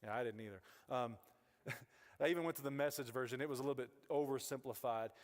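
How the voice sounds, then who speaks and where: A man's voice: medium pitch, fast talker. A man preaching a casual, rambling sermon as pastor, full of asides and restarts, on a wireless mic. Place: church sanctuary. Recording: church hall reverb.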